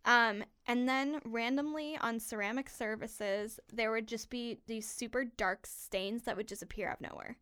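Smooth-voiced young woman, animated chat. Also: on the high side, normal speed, hardly any pauses, no echo, studio quality. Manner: animated, swearing, heavy use of "like". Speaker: podcast host. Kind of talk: casual storytelling chat.

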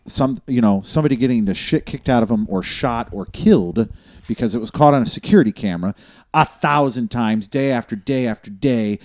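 A man's voice: medium pitch, a little mellow, dry recording, studio quality. A man co-hosting a casual comedy chat, making wry remarks and ranting a little.

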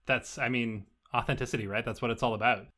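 A man's voice: mid-range voice, fairly even intonation, fast, sharp tone, close to an everyday voice. Man playing an offhand rocker woman. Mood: laid-back. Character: cool laid-back female rock musician.

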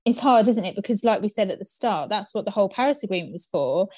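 A woman's voice: medium pitch, animated, fast, a little mellow, no echo. A woman co-hosting a podcast, speaking in an earnest, thoughtful, conversational way. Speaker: podcast co-host. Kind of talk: casual podcast chat.

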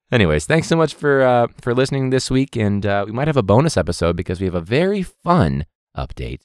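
A man's voice: lowish voice, big pitch swings, brisk, few pauses, dry recording, clean studio sound. A man hosting a podcast as a teacher, rambling and joking with plenty of swearing in a casual outro.

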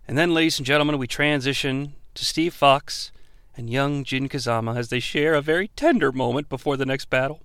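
Casting: a wry, bright-voiced man, animated pitch, dry close sound, rambling and sarcastic. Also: a little fast, smooth, no room sound. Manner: sarcastic, profane, rambling asides. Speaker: movie review host. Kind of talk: comedic movie recap.

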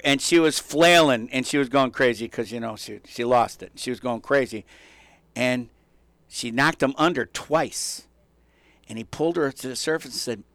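A male radio talk show host telling a story in a casual, animated way, chuckling and acting out the people in it. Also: medium pitch, moderate pace, dry recording.

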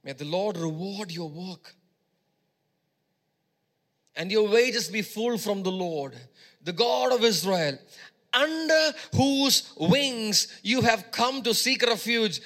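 A man preaching a sermon, repeating phrases for emphasis and swinging between loud exhortation and quieter teaching. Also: high voice, very animated, slow pace.

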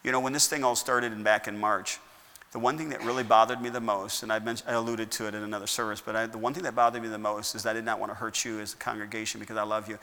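Bright-voiced preaching pastor in a church. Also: male voice, fairly low pitch, flat delivery, quick pace. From United States. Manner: preaching with rhetorical questions, rising to emphatic bursts. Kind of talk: sermon. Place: church sanctuary. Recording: long church hall reverb.

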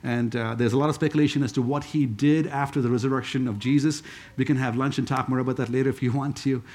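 A man's voice: mid-range voice, steady tone, fast, darkish tone. A man preaching a sermon in a conversational way, with joking asides.

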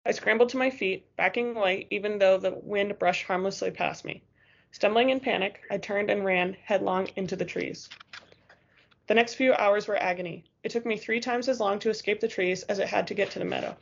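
A woman's voice: mid-range voice, a little fast, creaky, muffled recording. A woman narrating a first-person novel as an audiobook, in a tense, urgent storytelling manner.

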